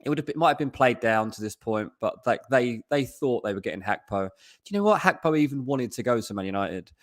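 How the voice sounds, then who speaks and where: A man talking football transfers as a podcast guest, chatty, with quick asides and many restarts. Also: mid-range voice, lively intonation. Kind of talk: casual podcast chat.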